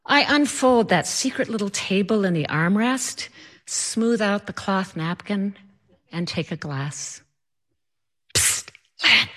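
A woman's voice: medium pitch, lively intonation, measured pace. A woman telling a personal story in a wry, self-mocking way.

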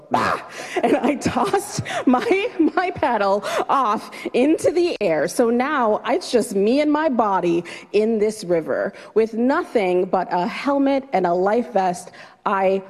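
A woman vividly telling a true personal story to an audience, dramatic and lively. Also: lowish voice, in a large hall. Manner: vivid, dramatic retelling with a light laugh.

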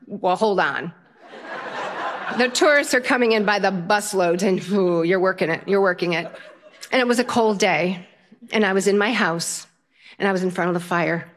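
An older woman telling a humorous personal story to an audience, lively and self-mocking. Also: mid-range voice, normal speed.

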